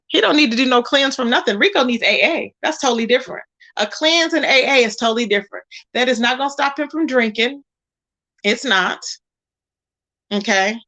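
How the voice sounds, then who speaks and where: A woman's voice: on the high side, lively intonation, brisk, pushed and bright. A woman hosting a casual livestream, chatting sassily about online drama and greeting viewers in the chat by name. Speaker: livestream host. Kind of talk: casual gossip commentary.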